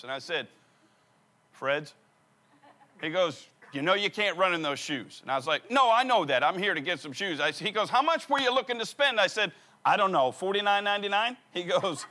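A man's voice: high voice, animated, brisk, bright, forceful tone. A middle-aged man, a pastor telling a funny personal story in a sermon and acting out the dialogue. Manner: humorous, acts out the dialogue.

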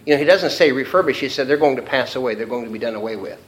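A man's voice: mid-range voice, expressive, very fast, poor audio. A man teaching an informal Bible study class, reading verses aloud and talking them through with many fillers. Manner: conversational, many fillers, reads scripture aloud.

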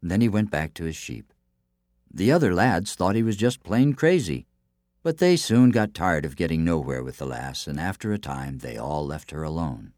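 Expressive man telling a folk tale. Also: deep voice, dry recording, studio quality. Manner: expressive, hushed asides. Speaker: storyteller.

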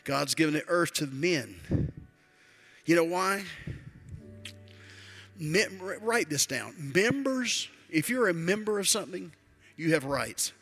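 An older man preaching a sermon as a bishop, swinging between quiet asides and loud emphatic build-ups. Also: on the high side, very animated, slow, faint music behind.

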